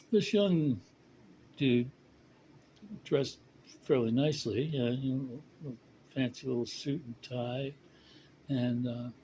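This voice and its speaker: A man casually telling a long joke, rambling with fillers and slowing down for punchlines. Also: mid-range voice, warm tone, slight background noise, low-quality recording. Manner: rambling, chuckling, slows for punchlines. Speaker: storyteller.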